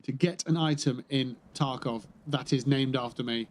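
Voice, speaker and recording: A man's voice: mid-range voice, normal speed, a little hiss or hum. Chatty man streaming a game. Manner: chatty, muttering to himself, dry swearing. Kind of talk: casual gameplay livestream commentary.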